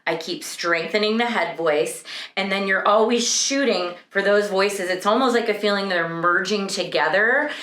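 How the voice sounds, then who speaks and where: Lady voice teacher, explains stuff then sings bits, middle pitch, kinda echoey room. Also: normal speed, a bit bright. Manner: explanatory, breaks into sung examples. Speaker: vocal coach. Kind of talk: singing lesson with sung demonstrations.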